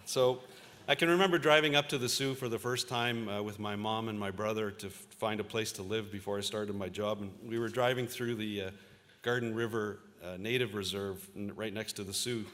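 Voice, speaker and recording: In a large auditorium, a fiftysomething Ontario journalist delivers a convocation address, sprinkling his anecdotes with a few fillers. He speaks at a fairly low pitch, briskly and in a steady tone, a bit bright, with the hall's echo around him.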